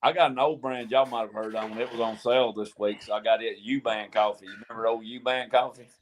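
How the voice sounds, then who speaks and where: An older man hosts a relaxed group chat on a live stream. He tells stories in a folksy way and breaks into laughter often. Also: mid-range voice, fast talker.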